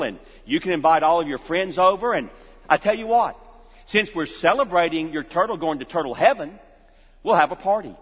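A male preacher voicing a gentle father who coaxes his crying son, stammering softly, in a reverberant, dull-sounding hall. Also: on the high side, husky. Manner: coaxing, stammering, hushed. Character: kind father consoling his young son.

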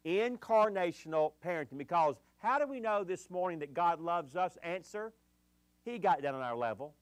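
A male pastor preaches deliberately, repeating his key phrases for emphasis. His voice sits fairly high. The recording is dry, with no room echo. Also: lively intonation, smooth. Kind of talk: sermon.

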